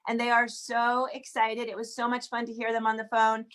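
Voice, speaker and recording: A woman's voice: fairly high pitch, monotone, a bit bright. Upbeat woman hosting an online sing. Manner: upbeat, chatty, lists names quickly. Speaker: host of an online group sing. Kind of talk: warm welcome, greeting attendees by name. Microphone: video call.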